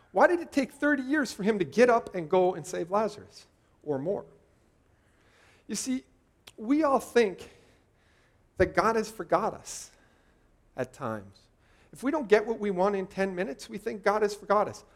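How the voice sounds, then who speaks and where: A man in his forties preaching a sermon, talking conversationally and putting rhetorical questions to the congregation. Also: high voice. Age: 40s.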